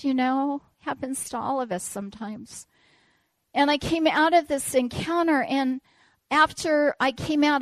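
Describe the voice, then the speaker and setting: Slow, storytelling woman preacher. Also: high voice, dry recording. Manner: storytelling, animated and self-deprecating. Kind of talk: sermon with personal story.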